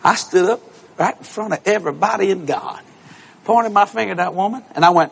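A male preacher delivering an animated storytelling sermon to a congregation, acting out voices and breaking into shouts and laughter. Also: sits high, brisk, vocal fry, some chatter behind, a little hiss or hum. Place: church service with congregation.

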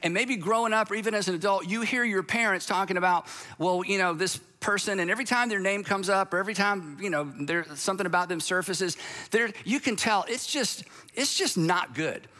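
Bright, high-voiced man giving an emphatic talk. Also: fairly quick. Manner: emphatic and conversational, with sarcastic asides. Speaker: speaker. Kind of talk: sermon-style talk to an audience.

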